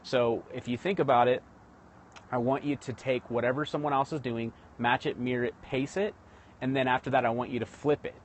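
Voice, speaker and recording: A man's voice: medium pitch, steady tone, a little fast, a little hiss or hum. A man hosting a live stream, talking casually to viewers about building rapport, with frequent restarts and direct address. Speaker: livestream host teaching sales rapport. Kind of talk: casual livestream teaching.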